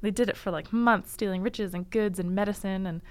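A young woman from the library staff appears as a guest on a library podcast to present book picks, casually telling a history story. She laughs often and says "like" and "um" a lot, in a medium-pitched, steady voice that moves fairly quickly.

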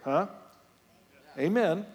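A pastor delivers a lively sermon in a fairly high male voice. He tells stories and climbs to loud, emphatic peaks. The sound carries the long reverb of a church sanctuary. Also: drawn-out words, breathy edge. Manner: animated, rising to loud emphatic peaks, storytelling asides.

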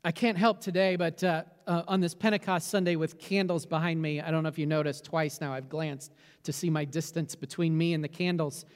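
Man pastor, high voice, earnest, stumbling repeats, long church reverb. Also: fairly even intonation, a little fast. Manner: earnest, with frequent repeated words and restarts. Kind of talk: prayer and sermon. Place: church sanctuary with candles behind him.

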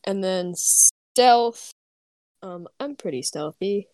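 A woman's voice: medium pitch, expressive, slow pace, a little mellow, no room sound. A woman plays a tabletop game in a chatty, giggly way. Her voice sits mid-range and sounds dry and close to the mic. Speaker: player.

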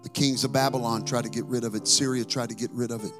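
A male pastor preaching a sermon, chanting scripture in a sing-song rhythm that rises to shouting. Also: medium pitch, fairly even intonation, quick pace, music in the background.

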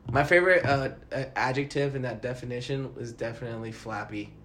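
A man's voice: medium pitch, a little fast, fairly bright tone, slight background noise. Laughing young man on a podcast. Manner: laughing, loose, swears often. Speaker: podcast co-host. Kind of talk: casual chat.

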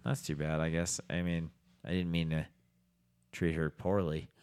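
A man voicing his former college roommate, a young man who speaks flat and nonchalant. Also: low voice, normal speed, clear, resonant tone, voice pushed down.

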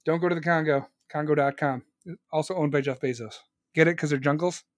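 A man's voice: fairly high pitch, fairly even intonation, brisk, dry recording, studio quality. A man hosting a podcast, riffing casually on the live chat with crude jokes and swearing. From United States. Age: adult, still working. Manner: profane, joking, rambling banter.

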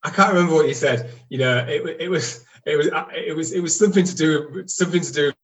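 A man in his forties, appearing as a guest, tells his own story in a casual, reflective way, candid and self-deprecating, stopping and restarting as he goes. His voice is fairly high, fast, and a bit bright. The mic is distant and the recording rough.

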